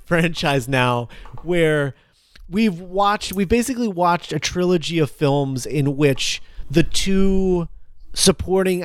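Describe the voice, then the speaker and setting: A man's voice: fairly high pitch, no echo, studio quality. A man talking casually through a film scene, rambling with many fillers and restarts. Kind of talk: casual movie commentary chat.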